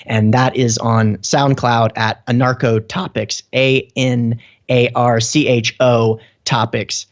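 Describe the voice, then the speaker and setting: A man's voice: mid-range voice, muffled recording. A man speaking as a real estate investor guest on a podcast, explaining at length with fillers. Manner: talks in long explanatory runs with fillers. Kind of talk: casual interview chat.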